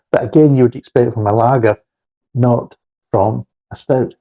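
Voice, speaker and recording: A man's voice: medium pitch, fairly even intonation, measured pace, warm tone, lo-fi sound. Sweary, blunt man reviewing beer. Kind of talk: casual spoken review.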